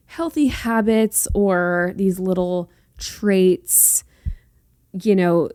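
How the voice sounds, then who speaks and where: A woman's voice: fairly low pitch, a little mellow, clear, resonant tone, dry recording, clean studio sound. A young woman from North Carolina hosting a solo podcast in a chatty, rambling way, with playful sassy asides. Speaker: podcast host. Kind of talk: casual solo podcast chat.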